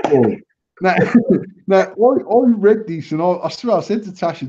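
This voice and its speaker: A man, co-hosting a casual podcast and swearing freely while telling animated stories about online arguments. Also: fairly high pitch, moderate pace, dull audio. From England. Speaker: podcast co-host. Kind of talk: casual banter, storytelling.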